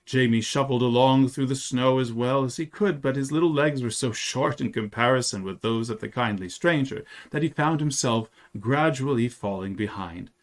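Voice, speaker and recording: A man reading a 19th-century story aloud, telling it in an expressive, dramatic way. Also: medium pitch, normal speed, hardly any pauses. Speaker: reader.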